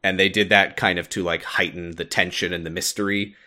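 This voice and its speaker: A man's voice: sits low, flat delivery, fairly quick, bright, forceful tone. A man co-hosting a podcast, chatting casually as he recaps a game's story with frequent laughs and filler words. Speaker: podcast co-host explaining a game story. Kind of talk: casual chat.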